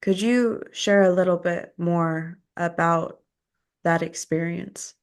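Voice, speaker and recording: A woman with a fairly low voice hosts an interview podcast. She puts her questions carefully, in a gentle and reassuring manner. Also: steady tone, takes it slowly. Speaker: podcast host.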